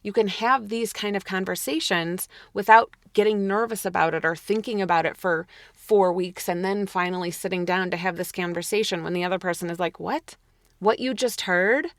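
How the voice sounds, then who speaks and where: A woman's voice: lowish voice, steady tone, a little fast, few pauses, no room sound. A woman podcast host commenting in a casual, emphatic way, blunt and swearing at times.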